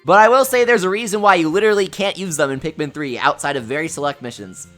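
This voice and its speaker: A woman streaming a game live, giggling often and gushing with excitement over her pulls. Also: low voice, fast talker. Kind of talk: live-stream gameplay commentary. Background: faint game music.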